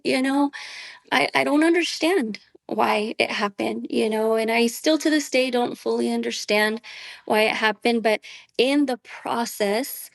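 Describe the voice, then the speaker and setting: Woman podcast guest, higher voice, earnest testimony, dry close sound. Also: gravelly, no echo. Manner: earnest and heartfelt, many "you know" fillers. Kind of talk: personal faith testimony.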